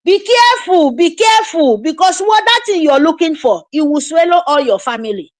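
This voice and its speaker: A woman's voice: very high-pitched, lively intonation, moderate pace, no echo. A woman with a Nigerian accent giving an impassioned political address, repeating her points with urgent pleading. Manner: emphatic, repetitive, urgent pleading. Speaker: activist commentator.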